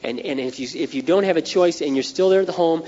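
A man's voice: a little high, fast talker, mellow. Earnest preacher man in a reverberant hall. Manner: earnest, repetitive, tells stories to make a point. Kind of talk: sermon. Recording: dull lo-fi recording with long hall reverb.

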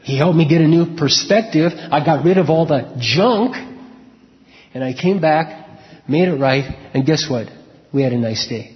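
A man's voice: on the high side, moderate pace. A man pastor giving a sermon with an earnest, repetitive preaching cadence. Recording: reverberant hall, dull lo-fi sound.

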